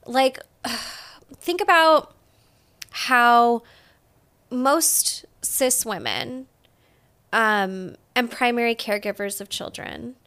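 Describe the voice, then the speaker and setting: A woman's voice: on the high side, animated, drawn-out words, pauses often, a bit bright, clean tone. A young adult woman co-hosting a casual podcast chat, blunt and swearing freely, rattling off long lists. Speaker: podcast co-host.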